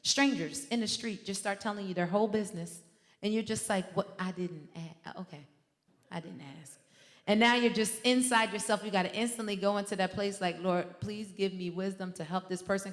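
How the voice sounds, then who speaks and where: A woman minister delivers a sermon with fervent, conversational energy, slipping into stories and talking straight to her listeners. Her voice sits at a middle pitch and carries a long hall reverb. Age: adult with a teenage son. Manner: fervent, conversational preaching with story asides.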